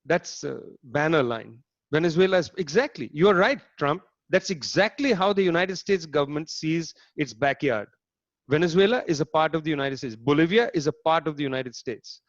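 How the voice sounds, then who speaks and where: A man giving a political lecture in an animated, sardonic way, stressing words and putting rhetorical questions to his audience. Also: on the high side, moderate pace, no room sound, dull audio. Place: online talk, home setup.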